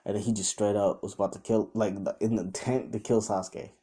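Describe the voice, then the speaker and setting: Young man, low mellow voice, loose rambling storyteller full of fillers. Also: little pitch movement, fast, breathy edge. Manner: rambling, with many fillers and restarts; quotes characters in his own voice. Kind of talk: casual improvised fan-story retelling.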